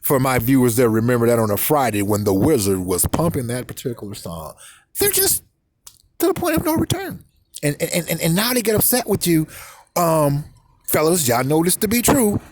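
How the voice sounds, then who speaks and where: A man ranting in a crude, comedic vlog monologue, repeating words rapid-fire and mimicking voices and sound effects. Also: mid-range voice, sing-song. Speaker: vlogger.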